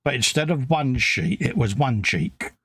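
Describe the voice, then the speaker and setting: A man's voice: mid-range voice, animated, a little slow, a bit bright, a little hiss or hum. A middle-aged man with a London accent, telling wry stories in a casual chat while building models. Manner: wry storytelling, quotes his wife in put-on voices. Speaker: co-host of a model-building stream.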